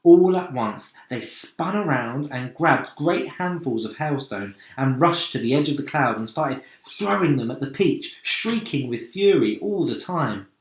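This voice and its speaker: A man, a teacher, reading a children's book aloud in a slow, expressive storytelling voice. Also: mid-range voice, echoey room.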